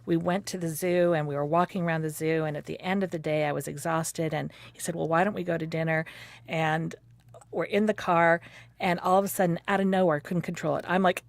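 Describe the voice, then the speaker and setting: A woman in her fifties telling the story of her courtship in a lively way, laughing often and acting out quotes. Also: deep voice, fairly quick, gravelly, no echo. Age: 50s. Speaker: interviewee recounting her courtship. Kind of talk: personal storytelling conversation.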